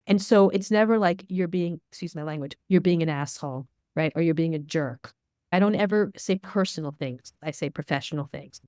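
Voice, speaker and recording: A woman's voice: lowish voice, expressive, fairly quick, a little mellow, no room sound, clean studio sound. A middle-aged woman, a media expert guest, answering interview questions in a candid, storytelling way. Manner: candid, storytelling, acts out dialogue.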